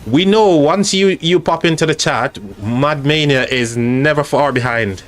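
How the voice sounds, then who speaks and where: A man with an English accent hosting a live stream, chatting casually in a halting way with frequent restarts. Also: on the high side.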